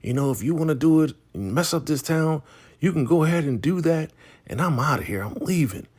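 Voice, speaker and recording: A man playing a fed-up small-town sheriff who rants in complaint, pushing his voice much higher than his own. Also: brisk. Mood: angry rant. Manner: exasperated, shouting complaints.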